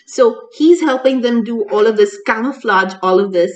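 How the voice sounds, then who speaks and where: A woman co-hosting a casual chat, talking in an animated way with many restarts and laughs. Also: fairly high pitch, normal speed, rough recording. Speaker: co-host reviewing a TV serial.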